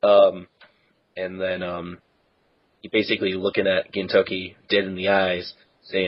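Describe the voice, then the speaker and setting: A man's voice: low-pitched, monotone, a little slow, long pauses, highs cut off. A man co-hosting a podcast, casually recapping a manga chapter in a rambling, filler-heavy way. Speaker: podcast co-host.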